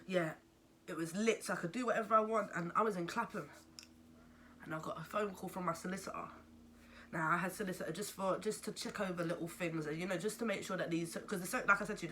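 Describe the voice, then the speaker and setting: A young woman with a London accent, telling a story to camera in a casual, animated way and swearing freely. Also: medium pitch, slight background noise. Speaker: vlogger.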